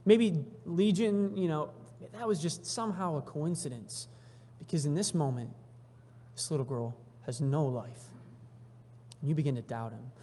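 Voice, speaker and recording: A man's voice: a little high, normal speed. Man preaching a sermon in a reverberant church. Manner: reads scripture aloud, then retells it in animated everyday voices. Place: church sanctuary.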